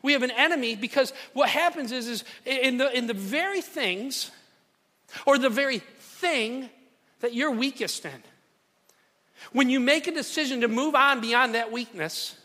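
High bright voiced preacher guy, animated, repeats himself, long hall echo. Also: unhurried. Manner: animated, repeats phrases for emphasis, calls to the congregation. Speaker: pastor. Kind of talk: sermon with storytelling. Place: church hall.

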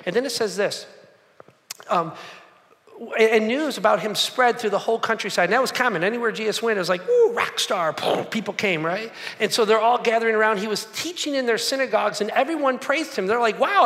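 A man preaching a sermon, animated and acting out the voices of the crowd. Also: sits high, a little fast. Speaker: pastor. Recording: long hall reverb.

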